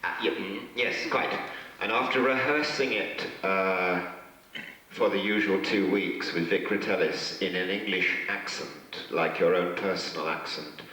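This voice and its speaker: Deep-voiced man rambling in an echoey hall. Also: measured pace, bright, forceful tone, recorded from a distance. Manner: rambling, hesitant, self-mocking, chuckling. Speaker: guest actor at a fan convention panel. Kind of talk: convention Q&A anecdotes. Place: large convention hall with an audience.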